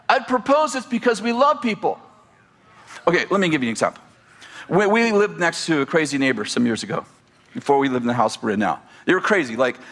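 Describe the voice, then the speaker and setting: High-voiced animated preacher man. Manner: animated, storytelling with humor and asides. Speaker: pastor. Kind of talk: sermon.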